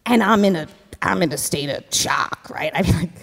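A woman telling a story live on a theater stage, fast and chatty, full of "like" and "you know.". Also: fairly low pitch, animated, vocal fry, a bit bright. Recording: live theater hall reverb, faint music.

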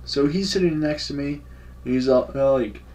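A man's voice: fairly high pitch, normal speed, a little mellow. A young man telling a casual story-time vlog in a laid-back, slangy and profane way. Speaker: vlogger. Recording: voice a bit far from the mic.

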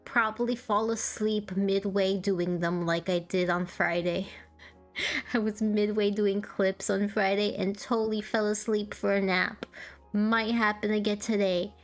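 A tired woman with a sore throat winds down her stream in a casual chat, taking her time over every phrase. She talks softly and laughs often, her pitch sitting in the middle for a woman. Quiet music plays faintly behind her. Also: steady tone, a little slow. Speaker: VTuber streamer.

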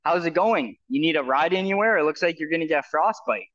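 A man from Canada tells his story in a rambling, casual way, piling up fillers and restarts and acting out other people's lines. His voice sits somewhat high for a man. The sound is a bit dull and lo-fi. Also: animated, brisk, fairly bright tone. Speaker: guest telling his story.

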